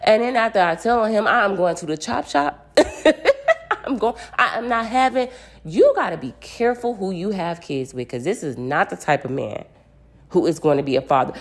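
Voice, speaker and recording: A woman's voice: deep voice, vocal fry. A woman vlogger giving emphatic, repetitive relationship advice to women in casual commentary.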